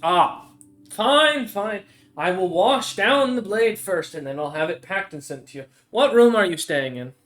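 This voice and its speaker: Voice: mid-range voice, lively intonation, a little slow, a bit bright. A game master voicing a female troll shopkeeper who haggles with a wry, businesslike patter. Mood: sardonic. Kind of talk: voicing a character in a tabletop game.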